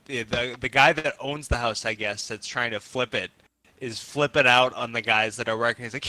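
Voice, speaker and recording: A man's voice: mid-range voice, moderate pace, no room sound. A man on a crude podcast, telling stories and swearing as he goes. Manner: swearing storyteller, quotes others loudly. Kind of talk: crude casual chat.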